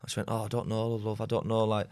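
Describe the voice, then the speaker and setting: A man's voice: on the low side, completely flat delivery, darkish tone. A man, telling rambling, sweary stories as a podcast guest. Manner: fast, rambling, swears often, laughs. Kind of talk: casual storytelling chat.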